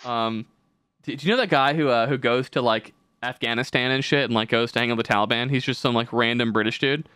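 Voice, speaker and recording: Bright, rambling young man in casual chat. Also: mid-range voice, fairly even intonation, fast, clean tone, no room sound, studio quality. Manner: rambling, profane, jumps into mocking voices. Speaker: podcast host.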